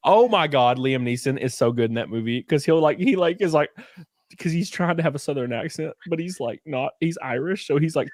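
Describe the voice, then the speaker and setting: A tipsy man co-hosting a podcast, chatting crudely and animatedly, often laughing and breaking into high mocking voices. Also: fairly quick, no room sound. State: a little drunk. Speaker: podcast co-host. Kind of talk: casual crude banter.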